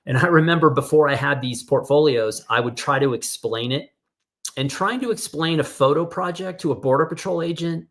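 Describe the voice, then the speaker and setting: A man's voice: on the high side, fairly quick, a bit bright. Casual middle-aged man storytelling. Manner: casual storytelling, acts out quoted voices. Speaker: workshop host. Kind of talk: online workshop presentation. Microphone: video call.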